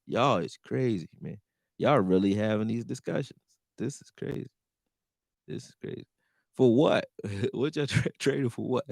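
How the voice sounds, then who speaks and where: A man hosting a casual sports livestream, laughing, talking slang, and reacting to viewers' chat comments in an animated way. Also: on the low side, vocal fry, no room sound, studio quality.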